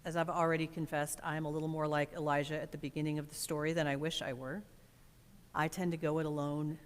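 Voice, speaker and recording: A woman pastor delivering a reflective sermon in a church, expressive and measured, with dramatic pauses. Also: low voice. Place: church sanctuary. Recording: long church reverb.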